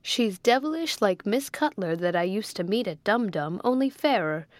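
A woman voicing a pompous, blustering young gentleman with loud, bluff exclamations in a storybook reading. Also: medium pitch, expressive, normal speed, no room sound, lightly acted.

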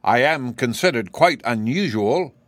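A man's voice: mid-range voice, lively intonation, moderate pace, dry recording, natural voice. A man voicing a living wooden sawhorse, earnest and simple, sometimes hesitant. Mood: proud. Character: wooden male sawhorse, proud yet meek.

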